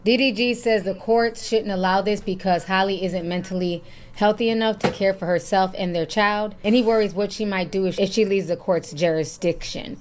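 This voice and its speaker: A woman hosting a reaction video who reads celebrity news and text messages aloud and comments on them between readings. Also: medium pitch.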